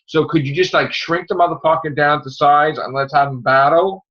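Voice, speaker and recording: A man's voice: fairly high pitch, moderate pace, fairly bright tone. A man co-hosting a podcast in casual chat, ranting with heated profanity. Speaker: podcast co-host. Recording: dull lo-fi audio.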